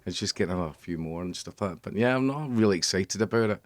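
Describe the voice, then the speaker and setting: A middle-aged Scottish man in a radio studio, chatting in a casual interview, halting and rambling with many restarts. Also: low-pitched, animated, no room sound. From Scotland. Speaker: band member guest.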